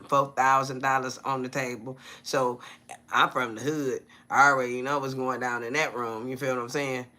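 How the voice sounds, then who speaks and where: A man chats on a phone live stream in a loose, slangy way. His voice is bright and forceful, with a pushy edge. He keeps checking in with his viewers and stops to greet them by name. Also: mid-range voice. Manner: chatty, keeps asking viewers "you feel me?"; loose slangy street talk. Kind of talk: casual live-stream talk.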